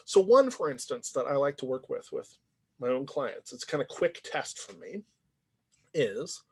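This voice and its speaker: A man's voice: fairly high pitch, slightly rough. A man lecturing in a conversational, reflective way, often checking in with "right?". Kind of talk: university lecture.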